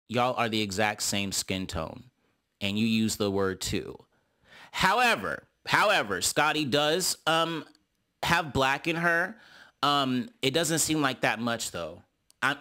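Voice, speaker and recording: A man's voice: medium pitch, bright, forceful tone. A man recapping a reality TV episode in casual, sassy commentary full of slangy asides.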